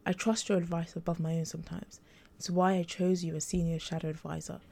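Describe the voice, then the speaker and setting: A woman voicing a blunt, urgent half-human male detective in a read-aloud story, with a low, gravelly voice. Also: steady tone, a little fast, dark tone. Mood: earnest. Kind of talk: audiobook character reading.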